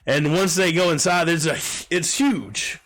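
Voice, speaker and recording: A man co-hosting a casual podcast, retelling a story in an animated way and laughing often. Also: on the high side, measured pace. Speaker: podcast co-host. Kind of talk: casual chat.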